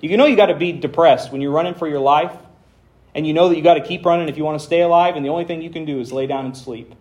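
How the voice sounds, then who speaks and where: A man's voice: on the high side, fast, darkish tone, muffled recording. A man preaching a conversational sermon as pastor, with dry humor and dramatic emphasis when reading scripture.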